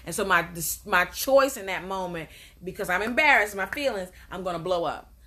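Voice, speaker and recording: A woman's voice: mid-range voice, lively intonation, brisk, pushed and bright. A woman life coach giving a motivational talk, emphatic and repetitive, asking rhetorical questions and answering them.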